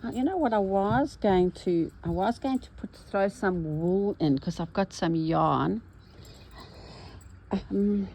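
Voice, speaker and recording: A woman's voice: fairly low pitch, gravelly, mellow, slight background noise, rough recording. A woman narrating her embroidery vlog, cheerful and chatty as she talks to herself while she stitches at home. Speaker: embroidery vlogger.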